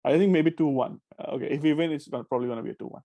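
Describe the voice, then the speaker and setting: A man's voice: fairly high pitch, racing, dark tone, no echo. A man hosting a casual football podcast, hedging his points with plenty of "I think" and fillers. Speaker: podcast host.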